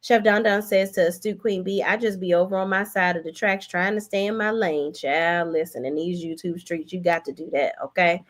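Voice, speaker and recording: Casual streamer woman, animated, says y'all and child a lot, chatty and loose. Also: moderate pace, few pauses. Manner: animated, swoops high when thanking viewers; chatty, Southern-tinged slang like y'all and child. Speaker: live-stream host reading chat. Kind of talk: casual live-stream chat.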